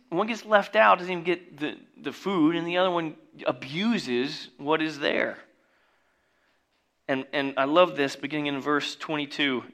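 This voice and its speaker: A man preaching a sermon, reading scripture and breaking into jokey asides and loud exclamations. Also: fairly high pitch. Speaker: pastor.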